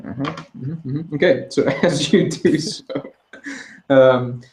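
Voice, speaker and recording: A man running a tabletop role-playing session, narrating traps and scenes. He talks in an easygoing, chatty way, full of fillers and quick laughs. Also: mid-range voice, background noise. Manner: casual, laughs often, many fillers. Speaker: game master.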